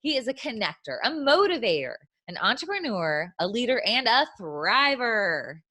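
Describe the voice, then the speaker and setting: Woman, interview host, bubbly, lively pitch, fairly high voice. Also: moderate pace. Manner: bubbly, laughs often. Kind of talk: interview intro and questions.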